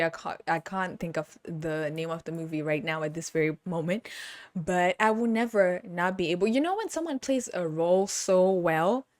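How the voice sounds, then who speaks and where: A woman hosting a podcast, chatting casually about a movie, animated and laughing often. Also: fairly low pitch, dry recording, clean studio sound. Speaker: podcast host. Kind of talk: casual movie review chat.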